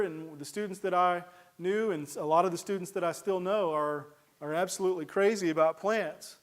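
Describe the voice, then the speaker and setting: A man giving a casual, folksy lecture on garden plants, rambling with many uhs and restarts. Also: high voice. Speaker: horticulture lecturer. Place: lecture hall.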